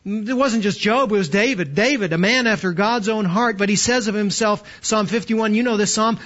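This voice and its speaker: A man in his fifties delivers a sermon in a notably high voice. He presses his points with emphatic, slowed stresses and rhetorical questions. The recording sounds muffled and lo-fi. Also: a bit bright. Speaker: pastor.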